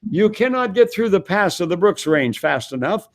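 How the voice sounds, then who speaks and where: A man voicing a stubborn male radio operator who speaks halting, broken English. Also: high voice, very animated, voice pushed up. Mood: insistent.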